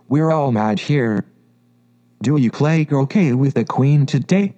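A man's voice: medium pitch, unhurried, dark tone, lo-fi sound, natural voice. A man voicing a sly, grinning cat in a storybook reading, cryptic and drawling.

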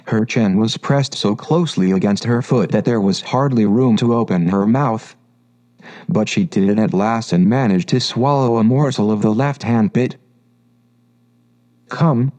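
A man narrating a classic children's story in a calm, measured reading voice. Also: medium pitch.

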